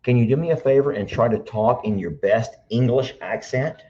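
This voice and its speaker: A man's voice: mid-range voice, moderate pace, mellow. A middle-aged man hosting a live stream in a chatty, teacherly way. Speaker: livestream host. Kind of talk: casual live-stream chat. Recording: dull lo-fi sound.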